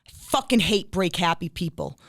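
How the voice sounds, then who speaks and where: A woman with a New England accent hosting a podcast, blunt and profane, breaking into shouts when she gets worked up. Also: on the low side, animated, moderate pace, creaky, dry recording, studio quality. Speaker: podcast host. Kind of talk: casual podcast chat.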